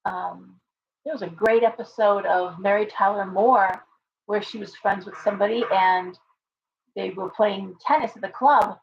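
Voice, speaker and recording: A woman's voice: mid-range voice, fairly even intonation, measured pace, gravelly. Woman hosting her own live stream: chatty, earnest, rambling, full of restarts. Recording a bit dull with faint background hiss. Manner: rambling, reading viewer comments aloud; earnest, with many fillers and restarts. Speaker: livestream host and tarot reader. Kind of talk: casual live-stream chat.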